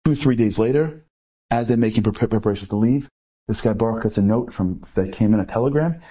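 Fast-talking man telling a story. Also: fairly low pitch, slightly rough. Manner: animated, full of rhetorical questions and acted-out dialogue. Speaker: inspirational speaker. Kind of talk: storytelling talk to a live audience.

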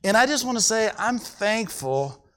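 A man preaching a sermon to his congregation, his clear, resonant voice sitting a little high. He restarts and repeats words often, and when a point matters he climbs sharply in pitch with passion. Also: big pitch swings, measured pace, fairly bright tone. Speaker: pastor.

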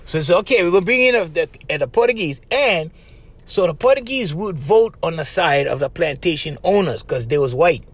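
A man with a Hawaiian Pidgin English accent, hosting a podcast and telling stories in a loose, animated way that is full of laughs. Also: on the high side, moderate pace, husky, no echo. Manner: animated, laughing often, acts out voices, says "right?" after phrases. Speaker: podcast host. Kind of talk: casual storytelling monologue.

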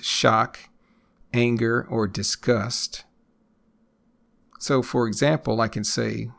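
A man talks through an English lesson for his podcast at an unhurried pace. His voice has a gravelly fry, and he repeats every phrase for learners. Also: mid-range voice, fairly bright tone. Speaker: English teacher and podcast host.

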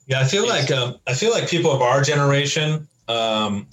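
A man's voice: medium pitch, lively intonation, normal speed, a bit bright. A man on a comedy podcast, rambling in casual banter with plenty of hesitations. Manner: rambling, hesitant, full of ums. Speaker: podcast co-host.

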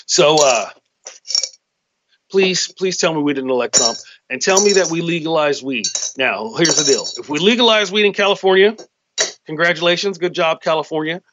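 A man's voice: a little high, lively intonation, moderate pace, very noisy. Profane, riffing male comedian host. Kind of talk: casual comedic monologue. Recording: slightly dull lo-fi sound.

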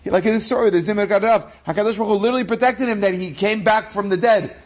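Animated high-voiced religious storyteller. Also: male voice, fast talker. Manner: animated, dramatic storytelling with a moral. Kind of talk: inspirational story sermon.

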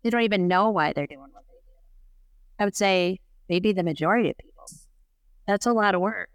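A woman's voice: mid-range voice, fairly quick, clean tone, dry recording. A middle-aged woman speaking as a podcast guest, telling her story in an open, reflective, conversational way. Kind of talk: candid conversational chat.

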